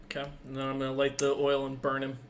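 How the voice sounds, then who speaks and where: Excitable, swearing man playing a tabletop game. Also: mid-range voice, fast. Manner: excitable, laughing, swears casually. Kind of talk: casual tabletop role-play.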